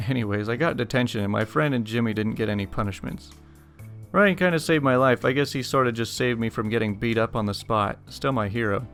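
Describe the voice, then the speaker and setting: A man's voice: mid-range voice, a little fast, gravelly, a bit bright, faint music behind. A man hosting a channel, reading online stories aloud with casual, amused commentary.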